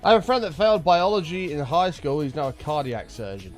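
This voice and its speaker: A man's voice: on the high side, animated, a little fast, faint music behind. Chatty man streaming a game. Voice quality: chatty, rambling, sweary storytelling. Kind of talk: casual gameplay chat.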